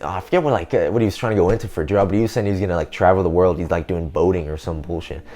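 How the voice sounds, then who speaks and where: A young man with a deep, low-set voice talks straight to camera in a loose, rambling vlog. His speech is slangy and full of "man" and "dude". He sounds like someone thinking out loud. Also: rapid-fire. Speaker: self-improvement vlogger. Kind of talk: casual vlog monologue.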